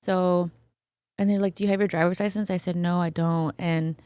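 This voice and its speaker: On a podcast, a woman guest casually tells a personal story, acting out what people said and often adding "right?" as a filler. Her voice is lowish and smooth at a normal speed, and the recording is dry. It's animated, conversational storytelling.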